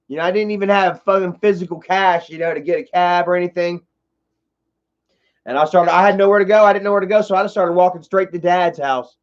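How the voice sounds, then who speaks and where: A man's voice: fairly high pitch, muffled recording. A man telling a long personal story on a livestream, rambling and cursing, full of "you know" and "bro.". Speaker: streamer.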